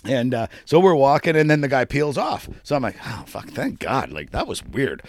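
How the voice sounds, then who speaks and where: A man's voice: mid-range voice, moderate pace, dry recording, studio quality. A man co-hosting a casual podcast, telling a rowdy travel story with lots of swearing and acted-out voices. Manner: profane, animated storyteller acting out voices. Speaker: podcast co-host.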